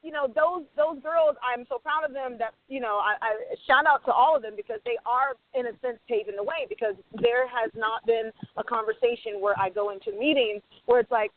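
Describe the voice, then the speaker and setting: A woman's voice: fairly high pitch, fairly quick, few pauses, no room sound. A woman screenwriter on a radio panel, talking passionately and acting out bits of dialogue. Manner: passionate, animated, acts out quoted dialogue. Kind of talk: panel discussion. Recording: tinny phone-line sound, dry.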